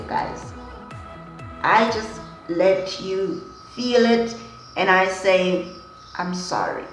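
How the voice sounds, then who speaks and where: A young woman tells an emotional story to her viewers in a dramatic, unhurried way. Her voice swings from hushed to loud. The room is echoey and faint music plays behind her. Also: medium pitch. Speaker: vlogger.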